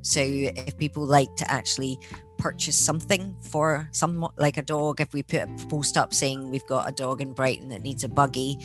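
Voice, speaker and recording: A woman's voice: extremely low pitch, steady tone, normal speed, soft background music. A woman from Scotland, a guest being interviewed, giving upbeat answers and explaining practical details. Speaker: guest, veterinary charity co-founder.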